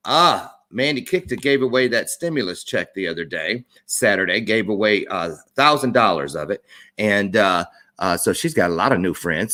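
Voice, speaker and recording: A man's voice: fairly low pitch, lively intonation, normal speed, pushed and bright. A middle-aged man hosting a live-streamed talk show, chatty and playful with jokey asides.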